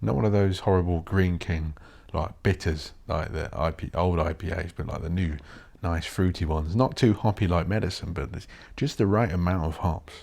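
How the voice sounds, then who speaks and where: A man with a very low voice, hosting his own podcast alone. He rambles and thinks out loud in a blunt, sweary, offhand way. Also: moderate pace, gravelly, hardly any pauses. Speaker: podcast host. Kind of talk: rambling solo podcast monologue.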